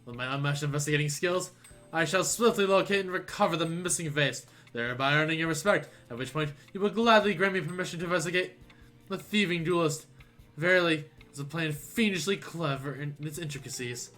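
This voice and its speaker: A man doing a pompous gallant gentleman inspector. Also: a little high, a little fast, soft background music. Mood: grandiose. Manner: grandiose, old-fashioned formal speech. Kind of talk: reading game dialogue aloud in voices.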